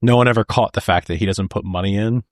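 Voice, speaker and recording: A man's voice: lowish voice, quick pace, no echo, studio quality. A man co-hosting a podcast, retelling movie scenes in casual chat and acting out the lines with laughs. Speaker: podcast co-host. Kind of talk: casual film discussion.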